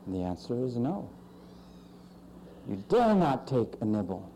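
A male pastor preaching a sermon with emphatic swings in pitch and loudness. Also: sing-song, measured pace, a little hiss or hum, low-quality recording.

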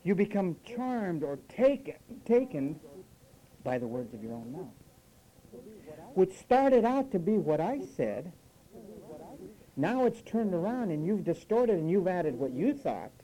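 This preacher's voice sits high, and he speaks slowly with frequent pauses on a low-quality recording. His sermon is emphatic and lively in its rises and falls, and he often imitates listeners in mocking voices.

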